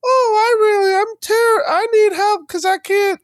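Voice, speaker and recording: A man imitating a whiny woman, shrill crying falsetto, very high, dry close sound. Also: measured pace, no echo.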